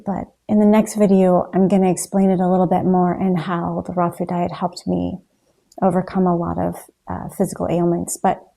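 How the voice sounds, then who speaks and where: A woman's voice: on the low side, vocal fry, mellow. A woman talking in a motivational vlog, earnest and encouraging as she addresses her viewers. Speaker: raw food vlogger.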